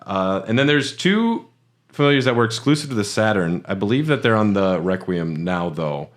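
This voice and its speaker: A man's voice: fairly low pitch, sing-song, moderate pace. A man co-hosting a casual podcast, explaining game details at length with many "uh"s and "like"s. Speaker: podcast co-host. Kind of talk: casual chat about a video game.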